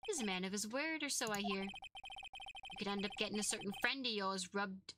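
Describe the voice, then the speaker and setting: A woman's voice: mid-range voice, animated, normal speed, background noise, lightly acted. A woman voicing a smug, two-faced young male celebrity villain with mocking sing-song taunts in a video game. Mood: threatening.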